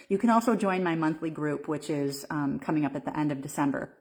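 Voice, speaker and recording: Woman, low voice, live-stream coach, casual, rambling, fillers. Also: a little fast, few pauses. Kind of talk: Facebook Live talk.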